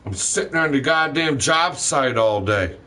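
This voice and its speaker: A man's voice: mid-range voice, expressive, measured pace, sharp tone, slight background noise. A man delivering a rambling, angry monologue, swearing heavily and hurling accusations. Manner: heated, profane, accusatory ranting.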